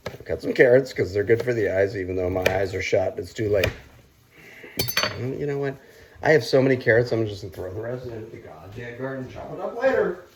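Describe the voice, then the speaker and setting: A man talks through his cooking in a loose, rambling way, swearing often and breaking into loud outcries. His pitch swings widely, from low mutters to high yells. A faint hiss of noise sits under the voice. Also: expressive, a little fast. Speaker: cooking vlogger. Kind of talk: casual rambling cooking vlog.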